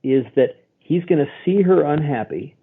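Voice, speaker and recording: Husky man on a tinny phone line. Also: fairly high pitch, normal speed. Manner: acts out quoted voices, animated storytelling. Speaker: guest therapist. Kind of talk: expressive explaining.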